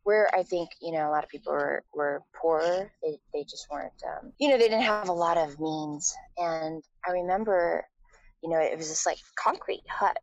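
A woman's voice: sits low, moderate pace, no echo, highs cut off. A woman from Taiwan, a guest in a casual interview, telling a personal story with lots of fillers and restarts.

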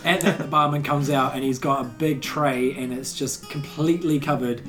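A man's voice: medium pitch, fairly even intonation, normal speed. A man running a tabletop game as dungeon master, telling the scene in a laid-back way and laughing at his own jokes. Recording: music bed behind the talk.

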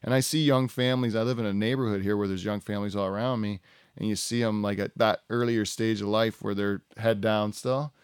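A man's voice: on the low side, fairly even intonation, brisk, clean tone, dry recording, studio quality. A middle-aged man, hosting a casual podcast and rambling freely between laughs, with swearing along the way. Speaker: podcast host. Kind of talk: casual chat.

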